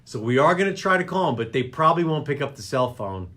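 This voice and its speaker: A man's voice: on the high side, animated, quick pace, pushed and bright. A man hosting a local radio talk show, joking and rambling. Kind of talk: casual chat show banter.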